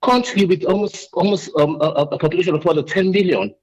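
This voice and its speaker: A Sierra Leonean man ringing in to a talk radio show. He speaks in a husky, breathy voice. He is agitated and emotional, and he stumbles through restart after restart. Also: high voice, quick pace, darkish tone, highs cut off. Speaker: radio call-in caller. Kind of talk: impassioned call-in rant.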